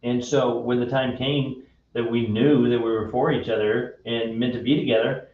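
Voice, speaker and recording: A man hosting a radio show, telling a personal story in a friendly, unhurried way. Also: medium pitch, fairly even intonation. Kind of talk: casual faith-based chat. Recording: echoey room, distant dull mic.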